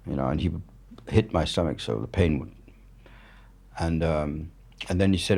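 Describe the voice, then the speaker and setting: His bass voice is creaky and darkish with a breathy edge, moving at normal speed. A French man in his seventies and a war journalist, he's a guest telling candid stories in French-accented English, bluntly and matter-of-factly, swearing freely.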